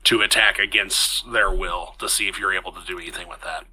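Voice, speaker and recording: A man's voice: sits low, steady tone, a little fast, pushed and bright, breathy edge, rough recording. A man acting as game master, explaining rules and narrating a tabletop role-playing session. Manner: explains rules, briefly voices characters.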